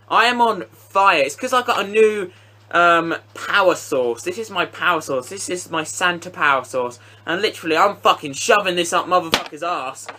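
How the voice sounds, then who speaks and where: A young man giving excitable, sweary live commentary on a football video game, shouting at goals. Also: high voice, a little hiss or hum. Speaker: gaming commentator.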